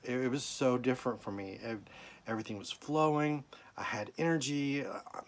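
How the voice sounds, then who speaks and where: A man's voice: medium pitch, fairly quick. A middle-aged man tells a personal story in a rambling, emotional way, at times close to tears. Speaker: vlogger. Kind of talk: personal health update vlog.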